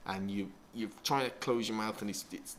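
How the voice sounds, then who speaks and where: Male podcast co-host, teasing and crude, low voice, faint background hiss. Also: moderate pace. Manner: crude, teasing storyteller who laughs often. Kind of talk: casual chat.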